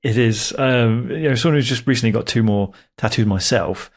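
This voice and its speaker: A man's voice: medium pitch, normal speed. A man co-hosting a casual football podcast, chatty and enthusiastic. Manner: chatty, enthusiastic, with many fillers and restarts. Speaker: podcast co-host.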